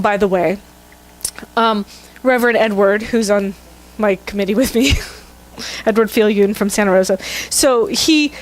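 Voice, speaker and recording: A middle-aged woman minister giving a sermon, telling a candid, self-mocking story with laughter to her congregation. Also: fairly high pitch. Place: church sanctuary.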